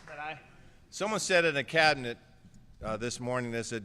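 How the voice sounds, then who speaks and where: The outgoing mayor thanks people one by one in an affectionate, joking farewell at an indoor press conference, a little emotional throughout. His medium-pitched voice is smooth, pushed and bright, a little fast with frequent pauses, in an echoey hall full of crowd murmur.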